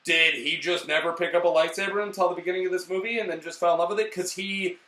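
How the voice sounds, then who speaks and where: A man reviewing a movie in casual chat, animated and swearing, acting out lines in loud bursts. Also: high-pitched, fast, reverberant, recorded from a distance.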